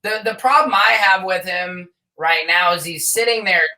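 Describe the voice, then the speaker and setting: A man hosting a podcast, laid-back and quick to laugh in casual chat. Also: sits high, pushed and bright, recorded from a distance, rough recording. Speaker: podcast host.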